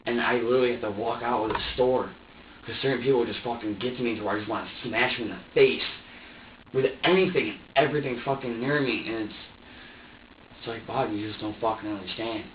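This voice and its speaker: A man's voice: mid-range voice, fairly even intonation, brisk, a little hiss or hum. A young man under police interrogation, confessing in an agitated, profane way, stammering and repeating himself. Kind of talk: emotional confession. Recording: echoey distant lo-fi interrogation room recording.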